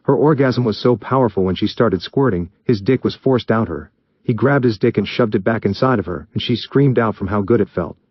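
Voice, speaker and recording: A man reading fan fiction aloud in steady, even narration. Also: on the low side, fairly quick, breathy edge, no room sound, highs cut off. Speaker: story reader.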